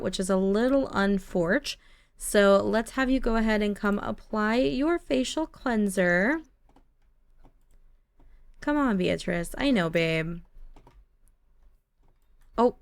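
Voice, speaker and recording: A woman's voice: medium pitch, clean tone. Giggly woman chatting over gameplay. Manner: chatty, giggly, talks to her game characters. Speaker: gaming YouTuber. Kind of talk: casual gameplay commentary. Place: home office.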